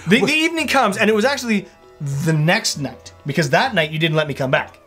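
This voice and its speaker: A man's voice: high voice, lively intonation, brisk, fairly bright tone, faint music behind. A man co-hosting a casual chat, telling his side of a story in a teasing, sarcastic way. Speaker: co-host.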